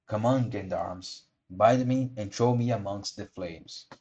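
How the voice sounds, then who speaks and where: A man's voice: fairly low pitch, measured pace, warm tone, lo-fi sound. A man voicing an earnest wooden puppet boy. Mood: heroic. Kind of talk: storybook reading.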